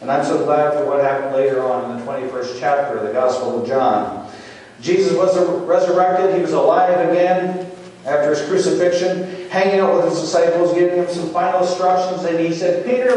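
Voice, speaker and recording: A male pastor delivers a storytelling sermon with a somewhat high voice, letting the drama swell as he goes. He sounds distant from the mic, and his words ring through a long, echoing church hall with faint room ambience behind. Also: fairly even intonation, a little fast, darkish tone. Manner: vivid storyteller, builds to rising intensity. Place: church sanctuary. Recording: echoey hall, from far off.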